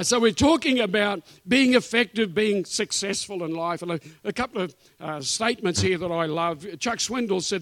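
High-voiced emphatic New preacher. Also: male voice, moderate pace, few pauses, fairly bright tone, no echo. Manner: emphatic, repetitive preaching cadence with asides. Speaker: guest preacher. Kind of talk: sermon. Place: church.

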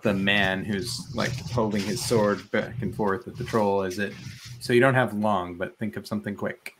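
Low-voiced man running a tabletop game. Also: fairly even intonation, moderate pace, noisy background. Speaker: game master.

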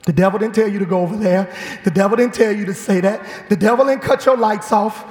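A man preaching a fiery sermon in a church, with an animated, shouting delivery. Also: high voice, fairly quick. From Chicago. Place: church sanctuary. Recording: echoey church hall.

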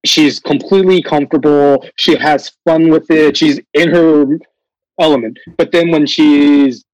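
Animated man, blunt casual chat. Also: on the high side, unhurried, highs cut off, slight background noise. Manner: animated, blunt, laughs often.

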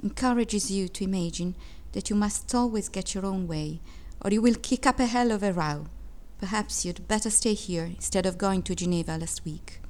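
A woman reading aloud, voicing a grim, stern father in a lower, quieter voice. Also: normal speed, few pauses, close to an everyday voice. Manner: low, quiet, clipped.

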